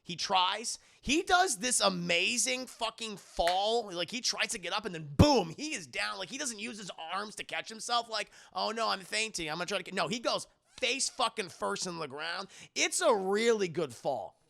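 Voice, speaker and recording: A male streamer gives a casual, profane film review to his live chat, laughing often. His high voice is bright and lively, with a gravelly edge and big swings in pitch. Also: moderate pace, hardly any pauses.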